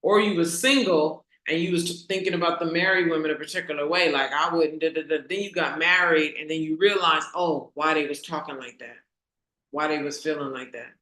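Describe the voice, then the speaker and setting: Bright-voiced woman in an echoey room. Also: deep voice. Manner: conversational, asks the audience rhetorical questions; repeats key lines slowly for emphasis. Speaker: host. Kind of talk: casual motivational talk to an online community.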